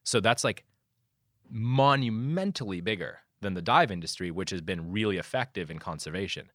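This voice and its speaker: A man speaking as a conservation guest in a casual conversation, animated and often restarting his sentences. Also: on the low side, normal speed, no echo, clean studio sound. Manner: animated, many restarts and fillers.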